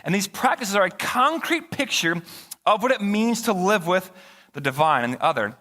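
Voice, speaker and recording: A male pastor delivers a sermon in an easy, conversational way, trading jokes with the congregation. His voice sits a little high and is bright, with pitch that swings a lot. The sound carries the long reverb of a large church hall. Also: big pitch swings, normal speed. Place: church sanctuary.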